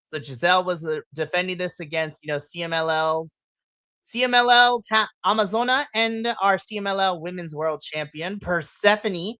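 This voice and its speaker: A man co-hosting a wrestling podcast, chatting casually and excitably, swearing and acting out his reactions. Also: sits high, normal speed, clear, resonant tone, no echo. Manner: excitable, swears, animated retellings with shrieks and laughs. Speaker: podcast co-host. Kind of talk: casual wrestling recap chat.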